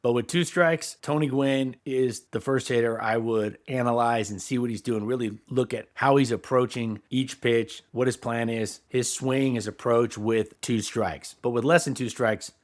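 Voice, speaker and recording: A man's voice: medium pitch, steady tone, moderate pace, hardly any pauses. A man in his forties hosting a baseball coaching podcast, talking in an enthusiastic, conversational way. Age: 40s. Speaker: podcast host. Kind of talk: casual podcast talk.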